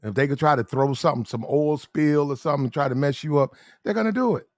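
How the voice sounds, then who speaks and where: A man giving blunt, slang-heavy dating advice in casual talk, drawing out his words slowly when he lists details. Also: mid-range voice, fairly even intonation, a little mellow, no room sound, clean studio sound.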